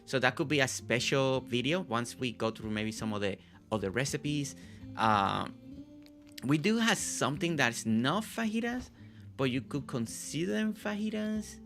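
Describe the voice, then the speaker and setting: A man's voice: medium pitch, lively intonation, normal speed, a bit bright, soft background music. A man from Puerto Rico hosting a casual game stream, chatting in a rambling way with lots of fillers. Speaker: streamer host.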